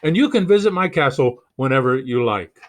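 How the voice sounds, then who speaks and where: A man voicing a bossy, hot-tempered storybook king while reading a picture book aloud, in an indignant, shouting manner. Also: mid-range voice, animated, brisk, lightly acted.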